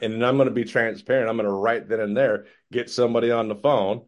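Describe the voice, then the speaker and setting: A man giving casual sales coaching, lively and acting out customer conversations. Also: medium pitch, fairly quick, few pauses. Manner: animated, acts out customer dialogues.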